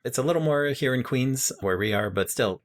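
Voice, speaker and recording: A man's voice: medium pitch, brisk. A man from New York City co-hosting a podcast, casually retelling a film and acting out the characters' lines. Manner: animated retelling with acted-out quotes. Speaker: podcast co-host. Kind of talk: casual film review chat. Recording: home podcast recording in Queens.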